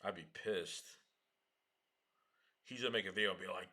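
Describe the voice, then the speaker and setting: Man, casual livestream host, lowish and very sharp tone, slangy and excitable. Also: moderate pace. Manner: slangy, excitable, swears and laughs often.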